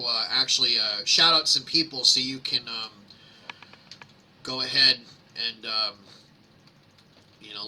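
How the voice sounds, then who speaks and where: His medium-pitched voice is bright and forceful. Hosting a live screen-share, he reads public complaints aloud, tosses in sarcastic, mocking asides, and rambles through casual commentary full of fillers.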